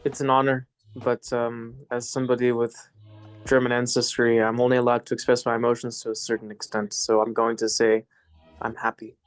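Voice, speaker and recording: A man on a football podcast, answering quiz questions with dry, deadpan humor. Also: mid-range voice, brisk, clear, resonant tone, faint music behind. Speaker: podcast co-host and quiz contestant. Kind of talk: casual chat.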